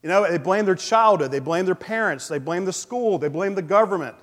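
A male pastor preaching a sermon in a relaxed, conversational way, with frequent fillers. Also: high-pitched, a little fast. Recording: long hall reverb.

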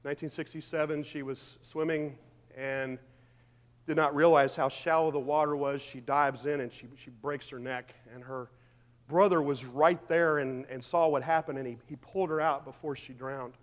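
A pastor preaching with fervent, emphatic conviction in a high voice. He fires off rhetorical questions, then drops into quieter, lower asides before building back up. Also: fairly even intonation, normal speed, long reverb tail. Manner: swings between loud declarations and quiet, low asides. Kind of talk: sermon.

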